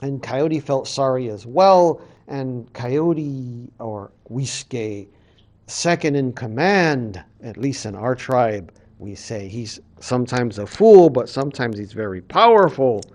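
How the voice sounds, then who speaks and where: A man, a college professor, casually retelling a creation story in a lecture, animated and full of fillers. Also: mid-range voice, slow pace.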